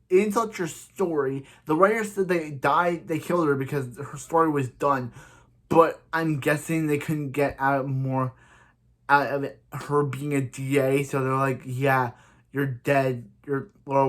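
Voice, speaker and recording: A man's voice: mid-range voice, fairly even intonation, unhurried, a bit bright. Rambling young man recapping a show. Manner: rambling, repeats "he's like" and "so yeah", heated. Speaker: TV episode reviewer. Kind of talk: casual recap and rant.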